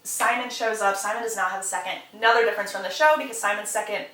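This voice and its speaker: A woman's voice: mid-range voice, fairly even intonation, fast talker, bright, forceful tone, recorded from a distance. A young woman giving a chatty, casual plot recap with sarcastic asides. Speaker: book reviewer. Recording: roomy, slightly off-mic.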